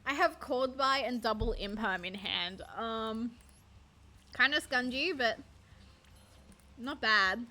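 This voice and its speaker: A woman's voice: a little high, takes it slowly, pauses often, pushed and bright. A young woman streaming a card game, chatting in a rambling, self-deprecating way and swearing casually. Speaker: VTuber streamer. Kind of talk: casual gaming stream chat.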